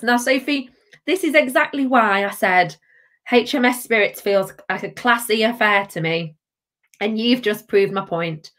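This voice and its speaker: A woman's voice: a little high, a little slow, fairly bright tone. Chatty woman hosting a live tasting. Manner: chatty, bubbly, reads out viewer comments. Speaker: livestream host.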